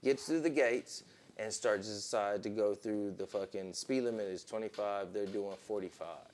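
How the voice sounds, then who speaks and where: A man on a podcast telling a long story in casual, profane talk, with plenty of "boom" and "right?". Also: moderate pace, darkish tone. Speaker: podcast co-host.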